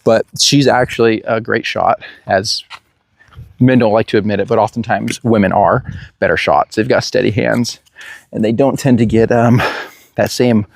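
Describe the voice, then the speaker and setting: Animated man telling a hunting story. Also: lowish voice, normal speed, vocal fry, no room sound, clean studio sound. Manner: animated storyteller, laughs and acts out quotes. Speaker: hunter telling a hunt story. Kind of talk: casual storytelling.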